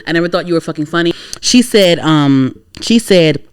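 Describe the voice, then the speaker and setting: A woman's voice: lowish voice, animated, normal speed, clear, resonant tone. A young woman from the Washington DC area co-hosting a podcast, talking bluntly and profanely in a ranting, casual opinion chat. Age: young adult. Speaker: podcast co-host.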